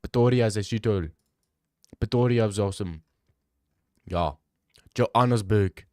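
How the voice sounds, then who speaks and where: A man's voice: fairly low pitch, normal speed, a little mellow, no echo, clean studio sound, close to an everyday voice. A man voicing a boastful, joking South African man in a put-on South African accent, rambling and mocking.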